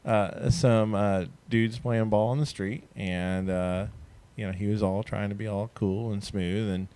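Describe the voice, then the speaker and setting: A man co-hosting a casual movie review, easygoing and hesitant, often pausing with fillers. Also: on the low side, fairly even intonation, warm tone, clear, resonant tone.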